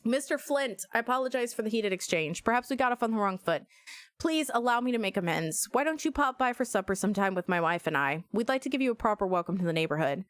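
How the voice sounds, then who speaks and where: In a full-motion video game scene, a courteous, earnest neighbor who speaks formally and apologizes often. His warnings sound urgent, and his voice rises and falls in a lively way. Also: sits high, quick pace, clean tone, dry recording, studio quality.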